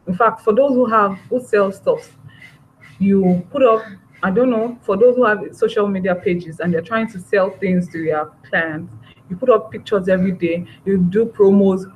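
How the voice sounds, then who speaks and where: Lively woman teaching parents. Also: mid-range voice, a little hiss or hum, rough recording. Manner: lively, acts out parent and child voices. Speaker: parenting trainer. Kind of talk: training talk to parents.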